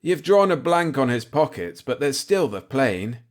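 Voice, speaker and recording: A man reading aloud, voicing an older man called Pop who speaks in a calm, matter-of-fact way. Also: medium pitch, measured pace, pitched above the performer's own voice.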